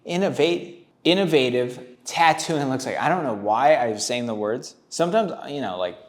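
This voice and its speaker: A man's voice: medium pitch, expressive, moderate pace. A man hosting, giving blunt, profane, rambling commentary on tattoos. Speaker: tattoo reaction host.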